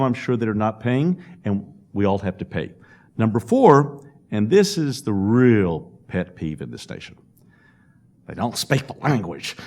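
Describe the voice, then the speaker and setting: A man's voice: on the low side, a little mellow. A man speaking at a public panel discussion, telling stories and acting out quotes with laughs. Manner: storytelling with acted-out quotes and laughs.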